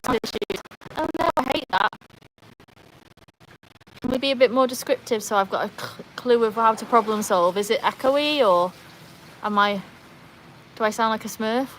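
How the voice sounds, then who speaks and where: A woman from North Wales chatting casually on a livestream, reading out viewer comments in a relaxed, self-deprecating way, recorded outdoors by a pool on a phone with no external mic. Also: fairly high pitch, moderate pace, pauses often, a little hiss or hum. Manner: chatty, self-deprecating, walks around the yard. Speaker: livestream host.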